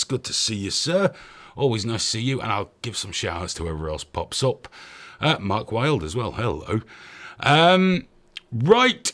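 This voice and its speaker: Man, host, casual live-stream chat, breathless, animated pitch. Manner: swearing, joking, reads out chat names.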